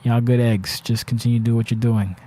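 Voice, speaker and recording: Male solo podcast host, mid-pitched, rambling, foul-mouthed, exasperated rants. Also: flat delivery, fairly quick, mellow. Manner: rambling, profane, exasperated ranting with frequent restarts.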